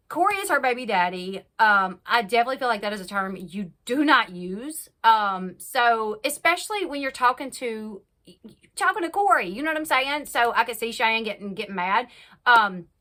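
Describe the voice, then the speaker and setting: A young woman hosting a casual reality TV recap, chatty and animated, acting out quotes with big jumps in her voice. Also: fairly high pitch. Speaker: YouTube recap host.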